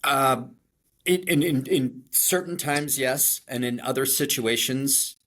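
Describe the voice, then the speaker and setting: Man, middle-aged, Chicago accent, animated storyteller, self-deprecating, restarts a lot, mid pitch. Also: slow. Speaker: podcast co-host. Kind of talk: conversational storytelling.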